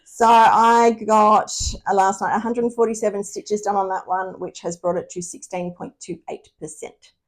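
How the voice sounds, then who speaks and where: A woman's voice: medium pitch, little pitch movement, normal speed, hardly any pauses. A woman co-hosting a cross stitch video, chatting casually and laughing often. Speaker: co-host of a cross stitch channel. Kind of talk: casual chat.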